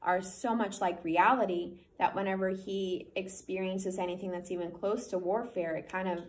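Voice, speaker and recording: A woman's voice: medium pitch, fairly even intonation, normal speed, a little hiss or hum. A woman teacher reading a novel aloud to her class, voicing the dialogue and stopping to check that students understand.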